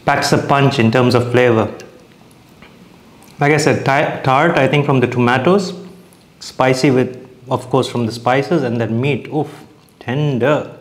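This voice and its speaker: A man's voice: mid-range voice, unhurried, long pauses. A young man casually reviewing dishes as he eats, chatty and hesitant, restarting his sentences and talking with his mouth full. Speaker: food vlogger.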